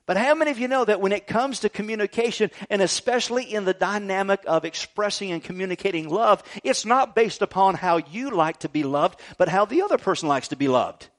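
A middle-aged man preaching with a high, bouncy voice that swings freely up and down. He keeps it light and joking, tossing "right?" to his listeners between points. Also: brisk, few pauses. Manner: animated, jokey preaching with frequent "right?" asides. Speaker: pastor. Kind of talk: sermon.

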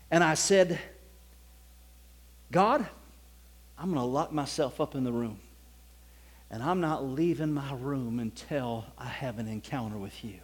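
Preacher guy, pretty high voice, tells his testimony, goes quiet then loud. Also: breathy edge. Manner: storytelling, swings from hushed to loud exclaiming. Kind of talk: sermon with testimony.

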